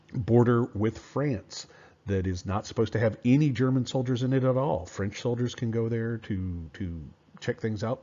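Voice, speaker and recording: Guy teaching history casually, lots of uhs and asides, lowish voice, dull recording. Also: dark tone. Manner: conversational, with fillers and rhetorical asides. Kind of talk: informal history lecture.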